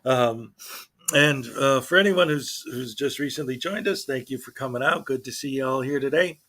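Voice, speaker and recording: A man talks to his viewers in a loose morning commentary, rambling from point to point. He sounds indignant, stopping to restart his sentences and filling gaps with ums and likes. His pitch sits in an ordinary middle range. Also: moderate pace, fairly bright tone. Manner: mocks others in quoted voices. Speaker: channel host.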